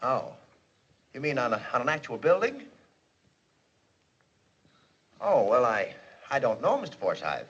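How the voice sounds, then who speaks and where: An excitable blustering boss. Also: male voice, medium pitch, moderate pace, breathy edge, heavily acted. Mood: flustered. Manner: volatile, swings from stern to giddy. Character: excitable, blustering middle-aged male company boss. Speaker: businessman, the boss. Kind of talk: 1940s film comedy acting. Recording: muffled 1940s film soundtrack with hiss.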